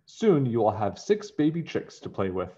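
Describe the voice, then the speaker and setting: A man voicing a calm, motherly hen in a storybook reading, gentle and soothing. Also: on the low side, moderate pace. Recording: dull lo-fi recording.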